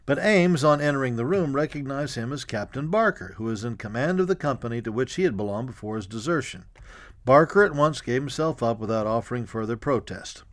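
A man reading a history audiobook in a measured, even storytelling manner. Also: mid-range voice, no echo, clean studio sound. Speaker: narrator. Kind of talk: scripted audiobook narration.

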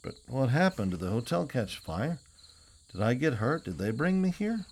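A man's voice: mid-range voice, very animated, normal speed, a little mellow, slightly rough, pitched above the performer's own voice. Man doing a young ranch hand, earnest, forthright, plain-spoken, audiobook reading. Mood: confused.

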